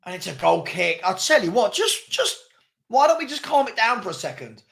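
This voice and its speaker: Exasperated high-voiced fan host. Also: male voice, sing-song, a little fast, vocal fry, fairly bright tone. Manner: exasperated, laughing, reading chat aloud. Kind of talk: live match watchalong commentary.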